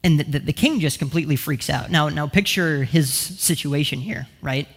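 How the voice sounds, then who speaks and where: A man preaching a sermon, telling a story in a casual, animated way with many asides. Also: fairly high pitch, normal speed, breathy edge, long reverb tail. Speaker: pastor.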